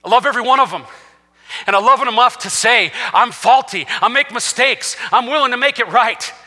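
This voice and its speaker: A man's voice: extremely high pitch, fairly quick, bright, forceful tone. A man preaching a passionate sermon as senior pastor to a church congregation, quoting scripture. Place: church sanctuary with live congregation. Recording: reverberant hall.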